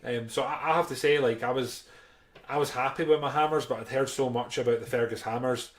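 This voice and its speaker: A man's voice: mid-range voice, fairly even intonation, brisk. A man, co-hosting a podcast and telling stories in casual chat with frequent restarts. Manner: chatty storytelling with frequent restarts. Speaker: podcast co-host.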